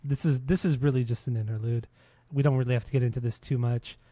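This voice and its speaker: A man's voice: mid-range voice, steady tone, fast, warm tone, no echo. A man co-hosting a music podcast, explaining songs in an earnest, casual chat, often repeating and restarting his words. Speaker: podcast co-host.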